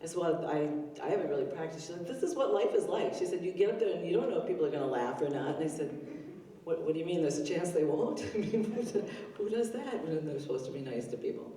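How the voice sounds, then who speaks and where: Fast and lively, an older woman with a deep, mellow voice tells chatty, self-deprecating stories packed with fillers at an open mic. It's stand-up on an arts center stage with a live audience. The roomy hall is heard from a distance, with slight background noise.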